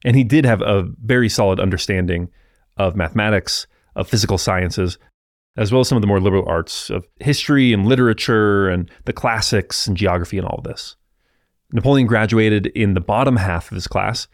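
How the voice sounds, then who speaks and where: A man hosting a history podcast, narrating in a relaxed, explanatory way with asides to the listener. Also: on the low side, a little fast, no room sound, clean studio sound.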